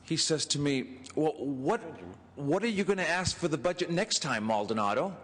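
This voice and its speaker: A man's voice: fairly high pitch, lively intonation, normal speed, a bit bright. A man, a state senator, giving an anecdotal tribute speech on the floor and acting out the dialogue of his stories with chuckles. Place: legislative chamber. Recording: chamber with long reverb, faint ambience.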